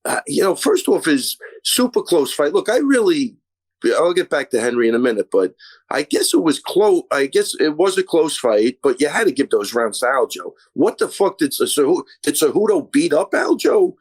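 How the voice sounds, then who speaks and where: A man's voice: fairly high pitch, very animated, moderate pace, slightly rough, dry recording. A man, an MMA coach who is a guest on a podcast, talking casually in a rambling, effusive way, restarting sentences and swearing freely.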